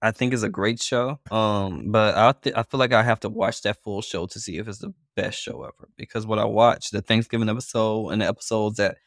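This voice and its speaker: A man co-hosting a podcast in casual chat, playful and teasing in a relaxed way. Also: fairly low pitch, a little fast, few pauses, no room sound, clean studio sound. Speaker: podcast co-host.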